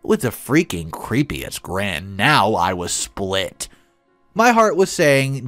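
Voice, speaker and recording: Lively male story narrator. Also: on the low side, slow, soft background music. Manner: lively, dramatic reading. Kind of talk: scripted narration of a reddit story.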